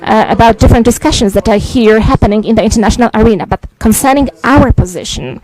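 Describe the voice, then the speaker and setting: A middle-aged man with a Polish accent gives a formal press statement in English as a visiting head of state. He speaks in a deliberate, emphatic way, stressing key words and often pausing on "uh" as he searches for phrasing. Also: high voice, a little mellow, rough recording. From Poland. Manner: deliberate, emphatic, frequent "uh" hesitations.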